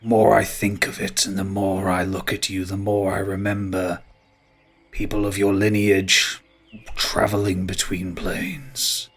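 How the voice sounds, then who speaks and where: An ancient tree spirit rumbles out each word with great patience, a little below ordinary pitch, as a man puts him on. He is slow, solemn and weighty, speaking from a tabletop fantasy game. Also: fairly even intonation, a bit bright, husky, full character voice. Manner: slow, measured, solemn delivery.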